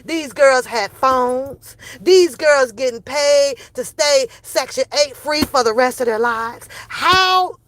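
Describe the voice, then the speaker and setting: A woman's voice: sits high, slow, hardly any pauses, fairly bright tone. A middle-aged woman giving a heated, sarcastic opinion rant, full of profanity and repeated rhetorical questions. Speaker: commentary vlogger.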